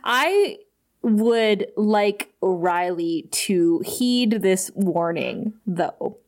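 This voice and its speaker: A woman's voice: mid-range voice, lively intonation, a little mellow. Giggly woman recapping a show. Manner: giggly, retells scenes with quick voiced impressions. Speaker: podcast co-host. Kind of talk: casual chat recapping a TV episode.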